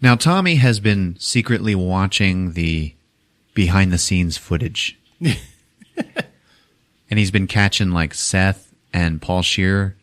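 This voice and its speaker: A man's voice: sits low, slow, long pauses, a bit bright. A man co-hosting a podcast who retells a movie's scenes in a casual, comedic way, swearing freely and laughing as he goes. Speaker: podcast co-host. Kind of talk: casual comedic film recap.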